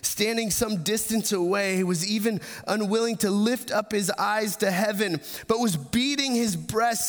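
A man preaching a sermon, retelling a scripture passage with frequent restarts, building to urgent emphasis and falling to a hushed close. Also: sits high, measured pace, hardly any pauses, big-room sound. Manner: repeats words and restarts, grows louder and more urgent, then drops soft. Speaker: pastor.

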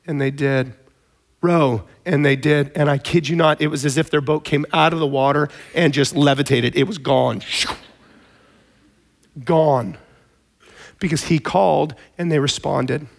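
A man preaching a sermon in a conversational, storytelling way, with animated emphasis. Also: fairly high pitch, moderate pace. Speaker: pastor.

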